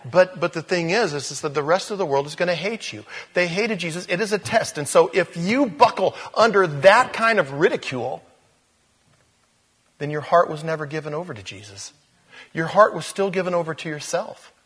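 Husky-voiced man preaching a sermon. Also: on the high side, normal speed. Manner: animated, repeats words, speaks to the crowd directly. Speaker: pastor.

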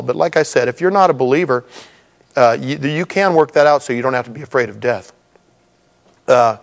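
A middle-aged man preaching a sermon in a conversational way, with humorous asides to the congregation. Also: medium pitch. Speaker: pastor.

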